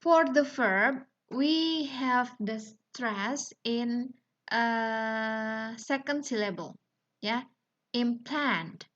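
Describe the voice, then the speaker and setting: A woman's voice: on the high side, drawn-out words, fairly bright tone, dull audio. A woman whose first language is Indonesian, teaching an online English lesson, repeating example words with heavy stress and checking in with "yeah?" and "okay?". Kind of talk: recorded online lecture.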